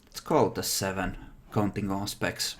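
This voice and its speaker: A man running a tabletop role-playing game on a stream, relaxed and thinking aloud as he narrates and checks the rules. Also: low-pitched, moderate pace, a little hiss or hum. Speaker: game master.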